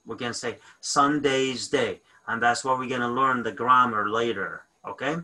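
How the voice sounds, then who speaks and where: A man teaching a grammar lesson, explaining step by step with frequent pauses, fillers and self-corrections, often checking in with "okay?". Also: mid-range voice, fairly even intonation, sharp tone, rough recording. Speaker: language teacher. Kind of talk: recorded online grammar lesson.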